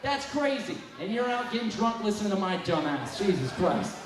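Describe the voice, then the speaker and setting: A young man does a loose, cussing stand-up set from a bar stage. His voice sits very high, and he often breaks into yelling. It is caught from far off in a very echoey room, with clear noise around it. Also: very animated, normal speed. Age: 20s. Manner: profane, rambling, loud bursts of yelling. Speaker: stand-up comedian. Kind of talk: live stand-up set, crowd work. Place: bar stage with a live crowd.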